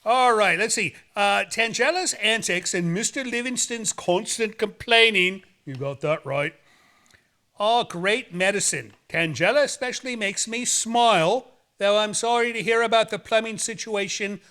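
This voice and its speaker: High, bright-voiced goofy horror host man. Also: a little slow. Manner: goofy, rambling jokes and playful banter. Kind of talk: playful, campy hosting chat.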